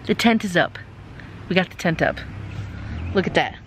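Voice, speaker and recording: A woman's voice: on the low side, moderate pace, loud music behind the voice. A woman hosting a casual vlog outdoors at a lakeside cabin, chatty and playful as she talks straight to her viewers. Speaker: vlog host.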